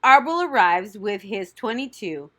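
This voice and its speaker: A woman's voice: medium pitch, sing-song, a little slow, a bit bright. A woman voicing a blunt, gossipy old female sheep who talks in a snappish, matter-of-fact way.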